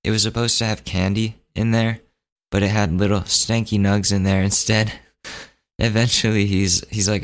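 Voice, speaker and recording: A man's voice: low voice, flat delivery, normal speed. A man hosting a podcast, telling a personal story in a laid-back, joking, chatty way. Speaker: podcast host. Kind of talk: casual storytelling monologue.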